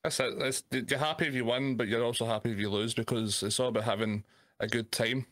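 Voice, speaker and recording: A man co-hosts a casual chat, asking questions in an easygoing way and laughing often. His voice sits at an ordinary middle pitch. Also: fairly even intonation, fast talker, a bit bright. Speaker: podcast co-host.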